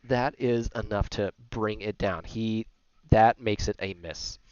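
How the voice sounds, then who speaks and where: A man's voice: lowish voice, steady tone, measured pace, darkish tone, clean tone, no echo, muffled recording. A man serving as game master, explaining rules in a loose, rambling way with many fillers. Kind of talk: running a tabletop game, casual chat.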